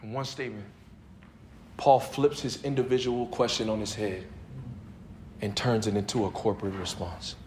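A man preaching a sermon, emphatic, laughing between phrases and swinging from low murmurs to high shouted emphasis. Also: steady tone, moderate pace, long pauses, a little hiss or hum.

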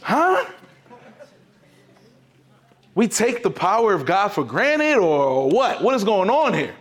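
A man's voice: high voice, sing-song, normal speed. A man preaching a sermon as pastor, emphatic and repetitive. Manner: emphatic, repetitive preaching with sudden swings in loudness.

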